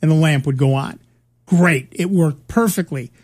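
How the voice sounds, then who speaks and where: A man's voice: a little high, moderate pace, darkish tone. A middle-aged man with a slightly raised voice tells stories in a loose, meandering way. He restarts his sentences often and keeps the tone of easy conversation among co-hosts. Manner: rambling, with many restarts and fillers. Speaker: podcast co-host. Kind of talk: casual chat, storytelling.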